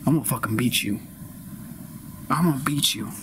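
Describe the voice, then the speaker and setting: A man's voice: medium pitch, normal speed, background noise, close to an everyday voice. A man improvising a crude, touchy macho man who swears and makes threats. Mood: angry. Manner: profane, aggressive, defensive. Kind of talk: improvised comedy.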